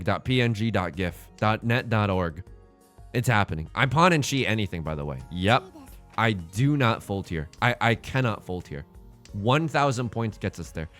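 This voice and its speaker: Man, game commentary, lively pitch swings, bright voice, joking, soft music behind. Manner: animated, joking, swings between mock despair and hype. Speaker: let's play host.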